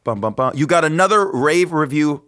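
A man's voice: fairly high pitch, lively intonation, normal speed. A man hosting a podcast, bantering brashly and joking in loose, profane radio-style chat. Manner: brash, joking, swears freely, radio-style shout-outs. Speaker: podcast host.

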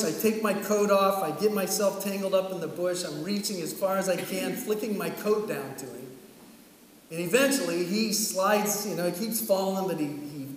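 A middle-aged man preaching a sermon, telling a story in an animated way and acting out the dialogue. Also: high-pitched, slight background noise. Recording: echoey hall from far off, faint ambience.

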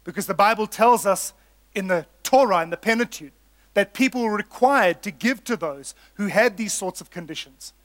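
High-voiced man preaching with emphatic repetition. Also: lively intonation, normal speed, fairly bright tone, no room sound. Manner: earnest, emphatic, builds with repetition; addresses listeners as folks. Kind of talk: sermon.

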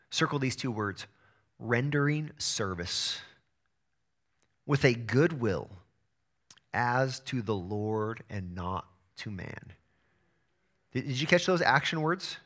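Bright-voiced male pastor preaching. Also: medium pitch, slow pace, pauses often. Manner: energetic preaching, repeats words when starting phrases. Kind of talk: sermon.

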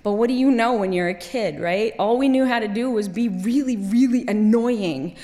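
A middle-aged woman from Kuwait telling a personal story on stage, wry and lively, laughing at herself, then quiet and grave. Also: on the high side, moderate pace. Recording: long hall reverb.

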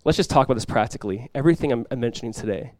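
A man preaching a sermon as pastor, telling stories with lively energy, then dropping quiet and slow to press a point. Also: mid-range voice, no room sound, clean studio sound. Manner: animated storytelling, drops quiet and slow for emphasis; conversational, many fillers like "like" and "you guys".

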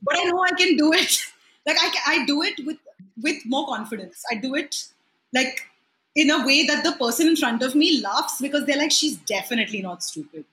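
A woman's voice: sits high, normal speed, pushed and bright, echoey room, rough recording. A woman in her thirties with an Indian accent, chatting animatedly as a podcast guest, laughing often and slipping into Hindi. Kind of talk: casual chat.

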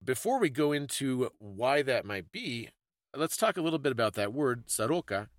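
A man's voice: medium pitch, big pitch swings, normal speed, dry recording, studio quality, faint music behind. A man co-hosting a podcast, explaining things in casual chat with small restarts. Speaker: podcast co-host.

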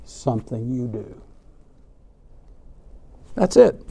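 Guy preaching a sermon, warm mellow tone, emphatic and repeats himself. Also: mid-range voice, lively intonation, unhurried, long pauses. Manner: emphatic, varies loudness and pace, repeats words.

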